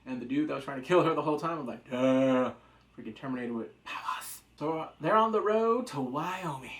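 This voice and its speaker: A man recaps a TV episode in a casual, rambling, jokey chat, acting out quotes as he goes. His voice is a little high, expressive, brisk, and fairly bright, and the recording has a roomy echo.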